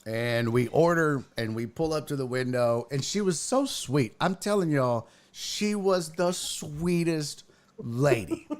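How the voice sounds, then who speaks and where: Animated man telling stories. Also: fairly high pitch, measured pace. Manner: animated, exaggerated storyteller. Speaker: podcast host. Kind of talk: casual storytelling.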